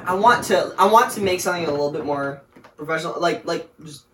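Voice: medium pitch, fast talker, pushed and bright, a little hiss or hum. Young host rambling with lots of fillers, kinda unsure of themself, echoey room, mic far off. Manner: self-deprecating, hesitant, many fillers. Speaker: podcast host. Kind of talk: casual chat among friends.

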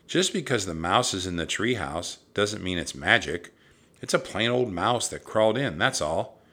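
A man's voice: low voice, animated, moderate pace, fairly bright tone, full character voice. A sensible eight-year-old boy, as a man reads him with a slightly lifted voice. He sounds cautious and sceptical, the worrier of a storybook pair. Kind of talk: storybook reading.

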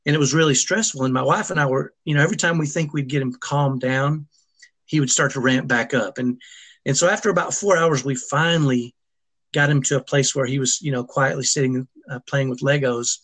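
A middle-aged man with a mid-range, slightly bright voice appears as an interview guest, telling a personal family story. He is earnest and emotional, speaking haltingly and often restarting his sentences.

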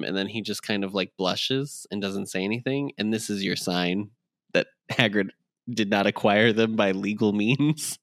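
A man's voice: fairly low pitch, fairly bright tone. A man co-hosting a podcast, chatting casually and wryly recapping a book chapter. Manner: wry, recaps the plot with quick quoted voices. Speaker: podcast co-host. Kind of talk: casual chat.

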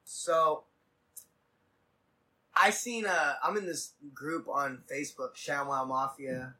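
A man hosting a casual podcast, telling a rambling, profane story in quick bursts. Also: fairly high pitch, lively intonation, sharp tone, recorded from a distance, poor audio. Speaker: podcast host.

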